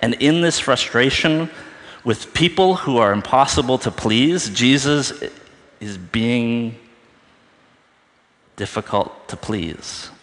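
A man's voice: medium pitch, animated, slow, long pauses, fairly bright tone, big-room sound. A man giving an informal, conversational sermon, thinking aloud and often checking in with "right?". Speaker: preacher.

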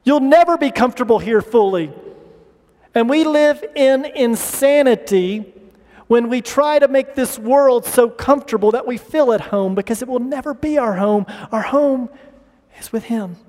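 In a reverberant hall, a pastor delivers a fervent sermon to his congregation, now and then acting out pleading prayers. His voice is extremely high-pitched with a darkish tone, and he takes an unhurried pace.

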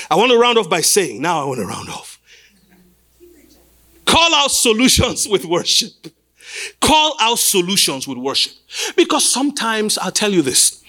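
High, bright-voiced preaching man. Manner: preaching with rising shouts and sing-song cadence. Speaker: pastor. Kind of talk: sermon. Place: church stage.

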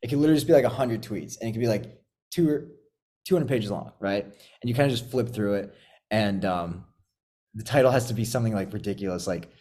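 A man's voice: lowish voice, quick pace, mellow. A man from Canada hosting a podcast in casual chat, rambling and swearing freely with lots of filler words. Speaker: podcast host.

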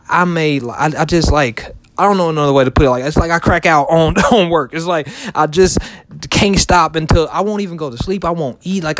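His voice runs on the high side, and the recording carries a little hiss or hum. The man, a thirtysomething vlogger who resells shoes, offers casual motivation to camera, repeating himself and restarting often amid plenty of fillers.

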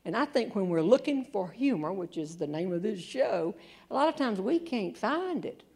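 Brief: woman humorist on stage, lively, acts out voices, laughs along. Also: mid-range voice, normal speed, slightly rough. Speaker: humorist and storyteller. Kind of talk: comic storytelling on stage. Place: theater stage before a live audience.

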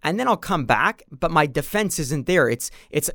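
A man's voice: on the high side, expressive, moderate pace, fairly bright tone, dry recording, clean studio sound. A man talking casually on a podcast, telling a story and acting out the quoted exchanges. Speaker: podcast guest. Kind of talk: casual conversation.

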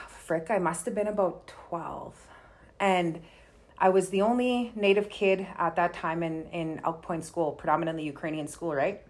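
A woman from Canada, a guest telling personal stories in a candid, chatty way, full of likes and ums. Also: on the low side. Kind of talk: casual storytelling conversation.

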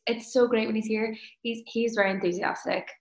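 A woman's voice: on the high side, steady tone, brisk, gravelly, noisy background. Woman, actor guest, easygoing and laughing, echoey room. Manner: easygoing, laughs often, self-deprecating. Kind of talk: casual interview chat. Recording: roomy echo.

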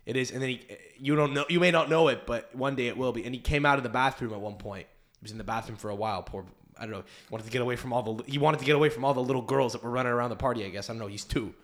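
A man's voice: medium pitch, very fast, a bit bright. A young man hosting a podcast in casual chat, rambling through stories and swearing often. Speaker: podcast host.

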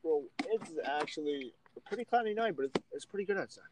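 A man's voice: fairly high pitch, expressive, fast talker, background noise. A young man leading a casual chat with friends outdoors at night, laid-back, often saying man and bro.

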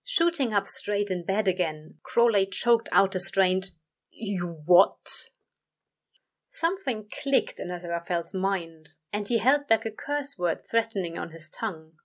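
A woman narrating a story aloud in a steady, measured way. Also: medium pitch. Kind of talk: reading fan fiction aloud.

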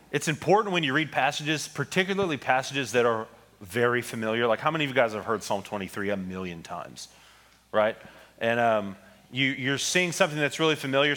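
A man preaching to his congregation in a relaxed, conversational way, at an ordinary middle pitch. He takes scripture slowly and pauses between lines. He talks to the room as if to friends. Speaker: pastor. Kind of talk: sermon. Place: church sanctuary with congregation.

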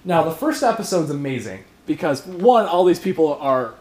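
A young man co-hosting a podcast in a loose, casual chat. He talks with a dry, teasing edge, brushing off his friends. His voice sits slightly high for a man. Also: big pitch swings, moderate pace, darkish tone. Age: young adult. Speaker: podcast co-host.

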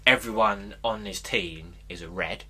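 A man's voice: on the low side, a little slow, sharp tone, slightly rough. A man co-hosting a casual podcast, retelling a film plot in a rambling way and acting out the quotes. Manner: rambling storyteller, acts out quotes. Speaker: podcast co-host. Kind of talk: casual chat.

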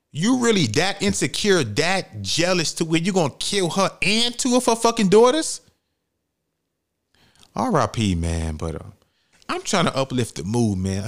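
A young man rants through a solo podcast monologue. His speech is blunt and full of swearing. His pitch jumps up and down with animated feeling. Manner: blunt, profane, heated commentary. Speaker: podcast host.

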